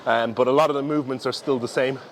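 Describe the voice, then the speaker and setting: Male bodybuilder, casual vlog coaching, mid-range voice, relaxed and instructive, faint gym hum behind. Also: mid-range voice, fast. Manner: relaxed, instructive, talks through gym cues with fillers. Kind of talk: casual training vlog commentary.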